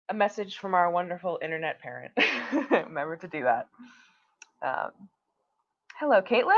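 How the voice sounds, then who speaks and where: A woman's voice: lowish voice, muffled recording. A young woman hosting a casual livestream, chatting and reading out viewer comments with many fillers. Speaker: livestream host.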